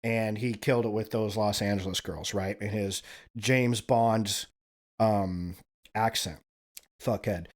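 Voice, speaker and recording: A man's voice: fairly low pitch, steady tone, slow pace. A man from Wyoming hosting a stream, telling a rambling, casual story and tagging "right?" onto his sentences. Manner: rambling, profane, frequent "right?" tags. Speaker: stream host.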